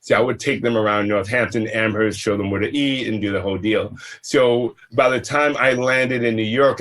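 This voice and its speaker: A man in his fifties, from Massachusetts, telling his career story in a relaxed, conversational interview, with fillers and restarts. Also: mid-range voice. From Massachusetts, USA. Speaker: entrepreneur guest.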